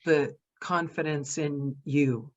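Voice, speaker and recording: A woman hosting an interview podcast, speaking in a lively, animated way about her own experiences. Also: sits low, slow, dull audio. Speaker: podcast host. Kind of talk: casual interview chat.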